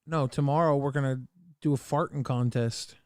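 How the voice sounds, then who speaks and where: A man's voice: mid-range voice, steady tone, normal speed, clear, resonant tone, dry recording, clean studio sound. Teasing man co-hosting a livestream. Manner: teasing, reads chat aloud. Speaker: livestream co-host. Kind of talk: casual livestream chat.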